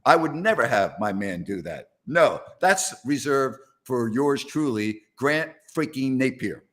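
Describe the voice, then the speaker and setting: A man's voice: mid-range voice, lively intonation, measured pace. Exuberant ranting male host. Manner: exuberant, ranting, laughing often. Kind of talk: excited live-stream banter.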